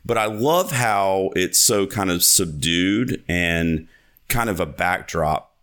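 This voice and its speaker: A man's voice: deep voice, lively intonation, slow pace, fairly bright tone. A man hosting a podcast interview, chatting casually and enthusiastically, rambling with lots of fillers and restarts. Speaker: podcast host.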